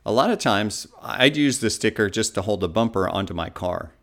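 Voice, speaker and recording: A man's voice: on the low side, lively intonation, normal speed, gravelly, fairly bright tone. A man, a radio host, chatting casually and asking easygoing, teasing questions. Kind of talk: casual interview chat.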